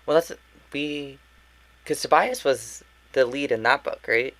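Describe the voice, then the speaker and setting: A woman co-hosting a casual book club podcast, eagerly spinning theories and acting out quotes in a high squeal. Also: measured pace, fairly bright tone. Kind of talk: casual chat.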